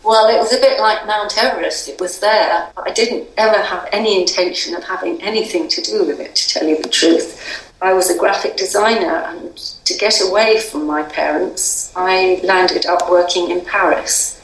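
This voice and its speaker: A woman's voice: on the low side, moderate pace, reverberant, recorded from a distance, rough recording. An older English woman in an interview, talking in a chatty, wry way with many ums and restarts. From England. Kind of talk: conversational interview.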